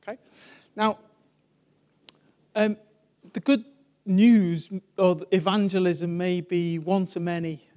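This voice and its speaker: A man, a church evangelist giving an informal sermon, telling stories in a chatty way and trailing off softly. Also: sits high, fairly even intonation, slow pace, long pauses. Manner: chatty storytelling, laughs often, trails off softly.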